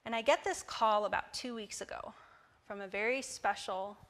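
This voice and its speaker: A woman in her twenties giving a personal testimony at a church service, telling her story in a lively way. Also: mid-range voice, moderate pace. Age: 20s. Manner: lively storytelling, acting out quoted dialogue. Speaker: church guest speaker.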